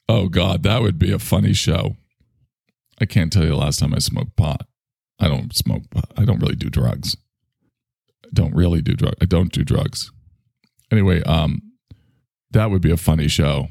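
A man's voice: low-pitched, a little slow, vocal fry, long pauses, a little mellow, husky, no room sound, clean studio sound. A man hosting a solo podcast, rambling in a sardonic, self-mocking way with frequent sighs. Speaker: podcast host.

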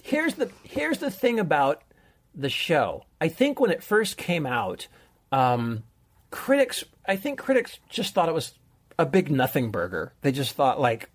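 A man's voice: a little high, huge pitch swings, a little slow. A middle-aged man co-hosting a podcast, chatting casually and enthusiastically as he recommends a show. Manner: enthusiastic, rambling storyteller. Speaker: podcast co-host, film recommender. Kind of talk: casual chat.

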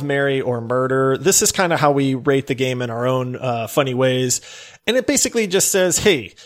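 A man co-hosting a gaming podcast in casual chat, animated and quick to laugh. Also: fairly high pitch. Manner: laughs often, animated and jokey. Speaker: podcast co-host.

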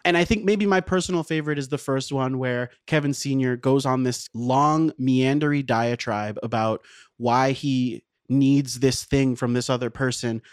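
A man's voice: mid-range voice, moderate pace, smooth, dry recording, studio quality. Thoughtful man chatting as a guest. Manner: thoughtful, explanatory. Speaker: podcast guest. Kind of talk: casual chat.

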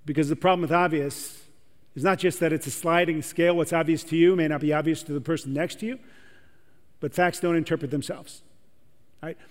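Male pastor with a high voice, chatty sermon delivery, recorded in a reverberant hall. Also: fairly even intonation, a little fast. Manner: conversational, asks the audience questions. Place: large church hall with audience.

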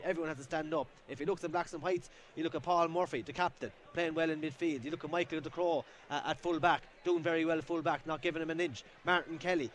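An Irish man gives rapid co-commentary analysis at a hurling match. He talks in a fairly high voice and rambles, piling up restarts and fillers as he works through his points. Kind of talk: live sports analysis. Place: outdoor sports ground.

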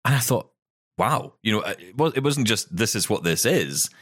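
A man's voice: fairly low pitch, a little fast, dry recording, clean studio sound. A man with a Scottish accent, co-hosting a podcast in casual, enthusiastic chat about tech, often correcting himself mid-sentence. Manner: animated, enthusiastic, self-correcting. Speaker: podcast co-host.

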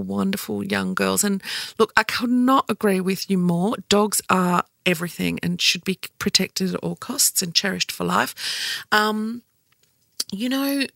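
A woman's voice: medium pitch, vocal fry, a bit bright, dry recording, clean studio sound. A woman with an Australian accent hosting a casual solo podcast, chatty and jokey, rambling with asides and laughs. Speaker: podcast host. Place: indoor studio.

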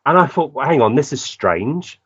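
A man's voice: mid-range voice, sing-song, normal speed, fairly bright tone, husky, no room sound. A man telling a personal story as a guest, acting out the lines of people he quotes. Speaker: guest medium. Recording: dull lo-fi dry recording.

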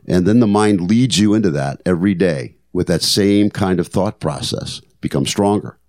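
A deep, animated, darkish voice at a moderate pace belongs to an older man hosting a podcast. In a reflective storytelling monologue, he sounds earnest and motivational and repeats phrases for emphasis.

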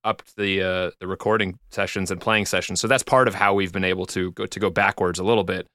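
West coast american guy, lowish voice but bright, dry sound, rambles on. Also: steady tone, brisk, no room sound. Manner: rambling, lots of fillers and restarts. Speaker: podcast co-host. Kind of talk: casual chat.

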